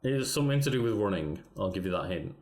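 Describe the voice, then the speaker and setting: A man's voice: lowish voice, animated, fast talker, a little mellow. A man co-hosting a casual podcast over a call, steadily quizzing his partner with trivia. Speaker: podcast co-host. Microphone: remote call mic.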